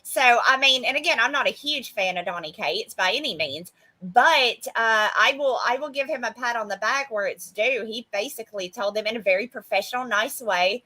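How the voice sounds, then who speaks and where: A woman's voice: a little high, normal speed, few pauses, bright, forceful tone. A woman co-hosting a podcast in casual chat, blunt, profane and sarcastic. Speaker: podcast co-host.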